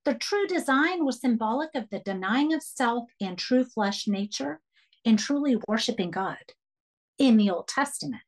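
A woman with a somewhat high voice leads a Bible study for women. She teaches earnestly and with emphasis, pressing her listeners to write points down. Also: animated, moderate pace, darkish tone.

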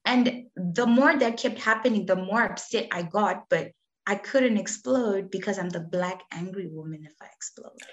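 A woman's voice: mid-range voice, normal speed, lo-fi sound. A woman from Zimbabwe, a guest telling her personal story in an earnest, emphatic way, often acting out what others said to her. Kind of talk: candid conversational storytelling.

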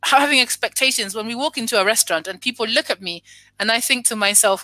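A woman appearing as a guest, her voice bright and a bit high. She speaks reflectively, often stopping to restart a thought. The sound is dry and close, with no room around it. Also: quick pace, dry recording. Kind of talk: casual conversation.

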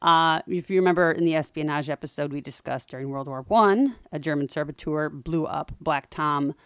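A woman co-hosting a podcast, telling a history story in a chatty way with wry, animated asides. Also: sits low, moderate pace, no room sound, clean studio sound. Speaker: podcast co-host.

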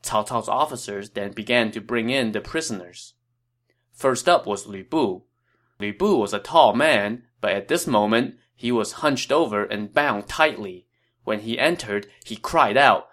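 A man hosting a podcast, reading scripted historical narration in a steady, measured way. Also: on the low side.

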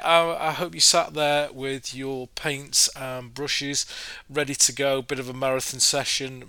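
A man's voice: medium pitch, sharp tone, clean tone, dry recording. A man with a Yorkshire accent hosting a podcast, jokey and chatty with plenty of ums. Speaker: podcast host. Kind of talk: casual podcast intro.

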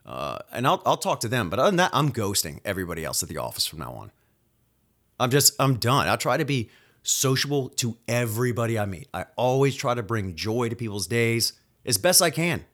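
A nurse hosting his own solo podcast rants about his workplace, venting angrily and swearing freely in rapid-fire bursts. His voice is medium-pitched, very animated and fairly bright.

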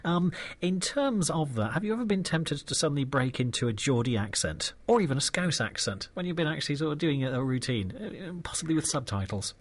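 A man's voice: on the high side, expressive, brisk, hardly any pauses. A British man hosting a radio interview, rambling, playful and wordy. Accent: British English. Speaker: radio host.

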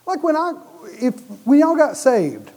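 A man preaching a sermon, animated and often restarting or repeating his words mid-sentence. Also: very high-pitched, measured pace.

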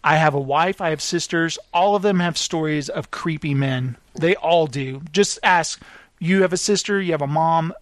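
A podcast host telling a self-deprecating story in casual chat, animated and apologetic in tone. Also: male voice, fairly high pitch, normal speed, no room sound.

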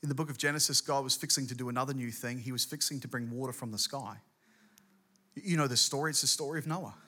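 Forceful, animated middle-aged preacher. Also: male voice, medium pitch, breathy edge. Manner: animated storytelling, quick bursts. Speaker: guest pastor. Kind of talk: sermon with personal story.

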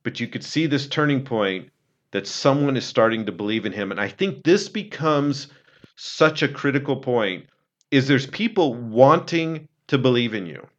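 A man's voice: expressive, normal speed, lo-fi sound. Earnest man retelling a story. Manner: earnest, retells a film scene, drops low and quiet for quotes. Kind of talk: casual storytelling talk.

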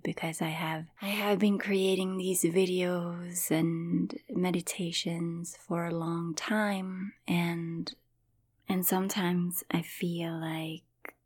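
A woman hosting a personal storytelling podcast, talking in a soft, partly whispered, reflective way. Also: lowish voice, no room sound. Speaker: podcast host.

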